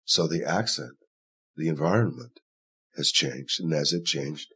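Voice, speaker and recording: Very deep-voiced husky man. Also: expressive, a little slow, pushed and bright. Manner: thoughtful, rambling with many fillers. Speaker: actor in the play. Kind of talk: conversational interview.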